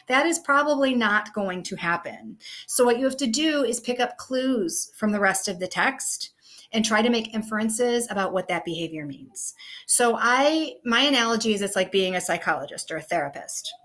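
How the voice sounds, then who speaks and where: A woman's voice: mid-range voice, animated, moderate pace, a bit bright. A woman teacher talking casually through an online lesson, peppering her explanations with "okay" and "you know.". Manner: conversational, many fillers like "okay" and "you know".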